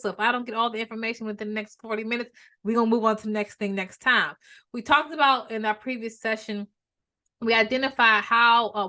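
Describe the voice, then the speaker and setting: A woman therapist giving a brisk, conversational teaching talk, often restarting her sentences. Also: medium pitch. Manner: brisk and conversational, with many restarts and lively storytelling. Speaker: therapist and speaker.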